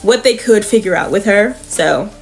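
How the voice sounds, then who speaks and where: A woman's voice: mid-range voice, lively intonation, moderate pace. A woman hosting a comic review podcast, recapping a horror comic in a chatty, profane way, full of fillers. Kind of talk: casual comic book recap.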